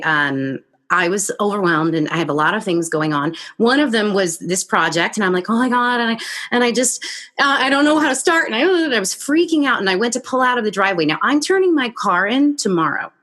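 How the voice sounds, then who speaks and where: A woman hosting a podcast interview, telling a story in a lively conversational way and acting out her own reactions. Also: medium pitch. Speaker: podcast host.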